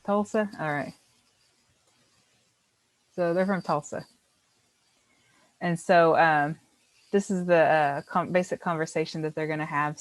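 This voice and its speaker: A woman's voice: deep voice, fairly even intonation, measured pace, pauses often, no echo, low-quality recording. A woman teaching a beginner language class, explaining patiently step by step and encouraging her students.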